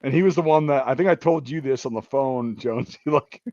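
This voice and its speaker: A man talks in a loose, profane, rambling way as he hosts a casual chat. His voice sits in an ordinary middle pitch. The sound is dry and a little dull. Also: a little fast, a little mellow, no echo. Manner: profane, rambling, laughs while telling stories. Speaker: podcast host.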